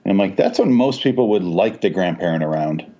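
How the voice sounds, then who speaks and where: A low-pitched man talks briskly as a podcast co-host, chatting casually about a movie. He curses freely, laughs often, and tells stories with animation. The audio is dull and lo-fi.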